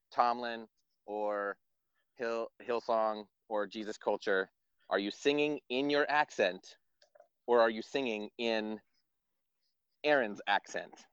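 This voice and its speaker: A man's voice: mid-range voice, fairly bright tone, clear, resonant tone, no room sound, highs cut off. A man co-hosting a podcast, joking and teasing the guest. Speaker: podcast co-host. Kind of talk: casual chat.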